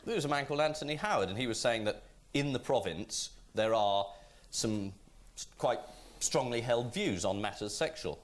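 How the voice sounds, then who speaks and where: A man's voice: mid-range voice, animated, normal speed. A man from Britain on a comedy panel show, making wry, ironic asides. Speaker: team captain on panel show.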